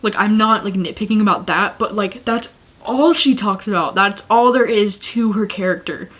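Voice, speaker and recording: A woman's voice: mid-range voice, moderate pace, fairly bright tone. A young woman giving a casual, blunt book review rant, swearing often and sounding exasperated. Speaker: book vlogger.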